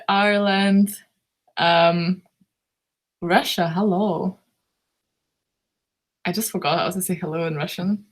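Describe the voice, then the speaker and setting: A woman from Lithuania with a hoarse, worn-out voice, hosting a book club live stream and chatting through viewer comments in a drowsy, giggly, rambling way. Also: medium pitch. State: hoarse, losing her voice.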